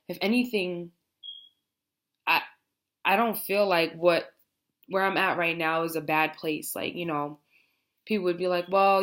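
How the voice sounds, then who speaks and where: A woman's voice: lowish voice, fairly bright tone. A young American woman talking reflectively in a personal vlog, rambling with many fillers like "you know" and "like". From United States. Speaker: vlogger. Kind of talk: heartfelt personal vlog talk.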